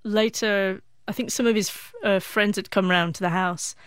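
A woman's voice: mid-range voice, steady tone, clean tone, no echo. Stuttering woman, dry close sound. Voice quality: stuttering with frequent sound repetitions. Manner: emotional, reflective, halting. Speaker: interview guest, author. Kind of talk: personal storytelling in an interview.

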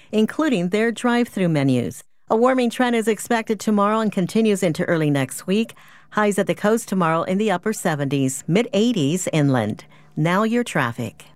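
A woman reads the local news and weather in a steady, formal newsreader style. Her voice sits a little low, and the studio sound is dry. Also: no room sound. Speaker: radio newsreader. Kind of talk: scripted news and weather read.

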